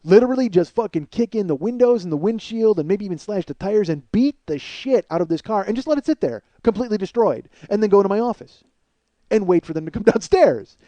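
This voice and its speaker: A man hosting a comedy podcast, delivering a profane, exasperated rant that swings between loud outbursts and low muttering. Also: expressive, a little fast, no echo. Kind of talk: ranting comedic monologue.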